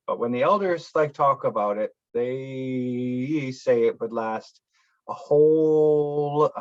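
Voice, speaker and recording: A man's voice: mid-range voice, dull audio. A man speaking on a panel, telling stories in a rambling way with many fillers and acted-out quotes. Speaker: guest speaker. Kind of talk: casual talk at a speaker panel.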